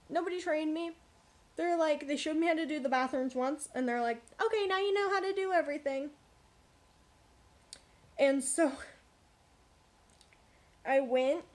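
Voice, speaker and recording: High-voiced young woman telling a story. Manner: animated, blunt, frequent swearing and asides. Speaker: vlogger. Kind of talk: casual storytime vlog.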